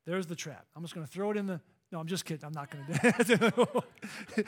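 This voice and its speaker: A man's voice: on the high side, brisk. A middle-aged male pastor preaching a sermon in a church, telling stories and drawing in his congregation with questions. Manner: lively storytelling preacher, engaging congregation. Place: church sanctuary.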